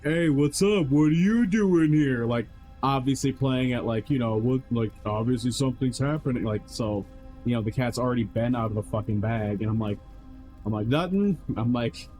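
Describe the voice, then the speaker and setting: A streamer tells a long, rambling story in casual chat, swearing heavily, leaning on filler words, and acting out what others said in quoted voices. His voice is medium in pitch and a little mellow. The recording is rough.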